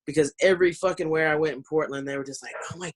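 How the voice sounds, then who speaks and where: A woman's voice: low voice, fairly even intonation, fast talker. Brash Southern woman comic. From Southern United States. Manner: brash, ranting, profane, laughs between lines. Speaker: stand-up comedian. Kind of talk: stand-up set on a video call. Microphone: computer mic on a video call.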